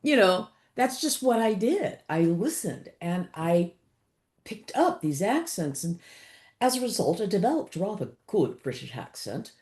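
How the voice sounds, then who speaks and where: A woman in her sixties from Los Angeles, an author chatting as an interview guest, animated and laughing often with many fillers. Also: medium pitch, measured pace. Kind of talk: casual interview chat.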